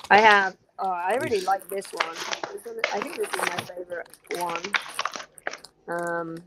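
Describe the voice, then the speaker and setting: A woman's voice: lowish voice, normal speed, noisy background. A female voice actor chatting eagerly on a livestream over a video call. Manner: enthusiastic, chatty. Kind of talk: livestream chat.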